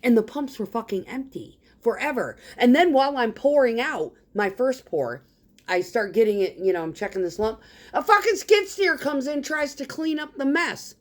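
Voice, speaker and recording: A woman's voice: on the high side, lively intonation, moderate pace. A woman telling a work story as a casual rant, blunt and full of swearing, acting out the lines of the people she deals with. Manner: acts out others' lines in quoted dialogue. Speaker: concrete truck driver.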